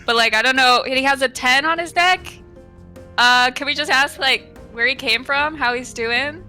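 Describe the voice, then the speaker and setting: Upbeat lady playing a tabletop game, kinda high bright voice. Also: moderate pace, soft background music. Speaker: player. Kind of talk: tabletop game role-play.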